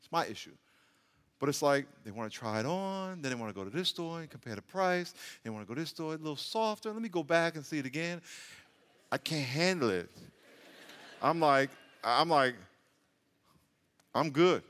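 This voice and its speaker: A male pastor preaching in a large church hall with long reverb. His voice sits high and bright, and he talks in an easy, joking way that climbs to emphatic peaks. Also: expressive, normal speed, long pauses. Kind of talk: sermon.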